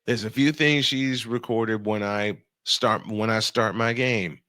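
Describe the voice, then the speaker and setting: A man hosting a radio show, telling a funny story in casual chat, animated and laughing often. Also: fairly low pitch, no room sound, studio quality. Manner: animated, laughing, quick bursts of speech. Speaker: radio and podcast host.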